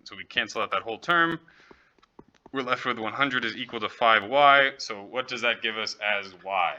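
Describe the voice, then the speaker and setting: A male professor lectures in a classroom, walking students through a problem step by step and checking that they follow. His voice is very bright and forceful. The recording is slightly muffled. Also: medium pitch, moderate pace. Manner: light, joking asides. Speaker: economics professor.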